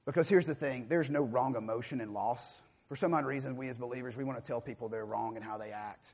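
A man, preaching a sermon. He swings from loud, emphatic calls to quiet, low passages. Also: fast talker, hardly any pauses, husky.

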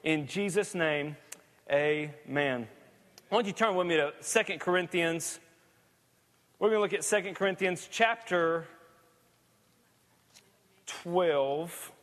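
Man, pastor, high voice, folksy sermon, long hall reverb. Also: slow, long pauses, a bit bright. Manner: casual, folksy preaching with asides. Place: church sanctuary.

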